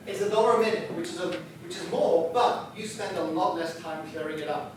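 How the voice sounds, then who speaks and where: A publisher leads a workshop on writing a book, speaking a little fast in a high voice with a chatty, self-mocking humor. The instructional talk was recorded from afar in an echoey room with a noisy background.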